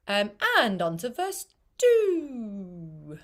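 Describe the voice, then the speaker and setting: Slow, patient woman coaching pronunciation. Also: mid-range voice, lively intonation, a bit bright. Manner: patient, repeats and demonstrates sounds slowly. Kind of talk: language coaching for singers.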